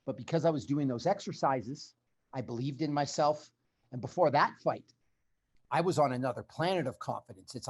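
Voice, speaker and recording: A man's voice: medium pitch, normal speed, slightly rough. A man telling his story as a podcast guest, in a blunt, emphatic conversational way.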